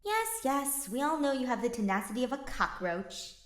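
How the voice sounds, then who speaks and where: A woman voicing a bossy, sharp-tongued young woman mage with a brisk, teasing manner in a read-aloud story. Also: medium pitch, lively intonation, reverberant, natural voice.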